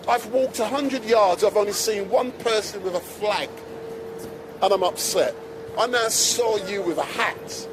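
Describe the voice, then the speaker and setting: Traffic rumbles in the background as a man interviews people live on a crowded city street with a handheld mic. His voice is high-pitched and his pace measured, and he's chatty and full of exclamations.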